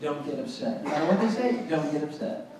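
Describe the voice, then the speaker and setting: A motivational speaker in a school assembly, talking energetically and prompting the children to repeat words back to him. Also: male voice, on the high side, fairly quick, distant mic, a crowd in the background. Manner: energetic, call-and-response with children. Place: school gym or hall. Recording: echoey hall recorded from afar, noisy. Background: children in audience.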